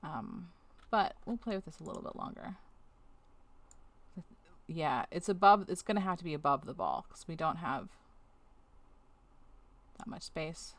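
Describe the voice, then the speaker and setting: A woman streamer with a deep voice and lively intonation talks at a measured pace, pausing often. During a task she chats casually and talks to herself, scolding on-screen objects and then apologizing, recorded through a webcam setup.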